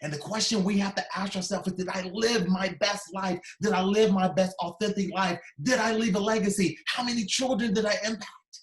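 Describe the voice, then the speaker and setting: Male keynote speaker, slightly raised pitch, emotional storytelling, echoey room. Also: fairly even intonation, a little fast, hardly any pauses. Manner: storytelling, quoting others, voice dropping soft in tender moments. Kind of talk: emotional motivational speech. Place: conference video call.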